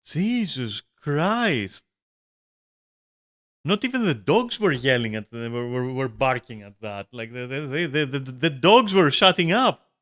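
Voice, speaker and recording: Man, streamer, rambling casual rant, heavy swearing, repeated restarts, home room, average pitch. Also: lively intonation, unhurried, a bit bright. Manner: swears a lot, frequent restarts and filler likes.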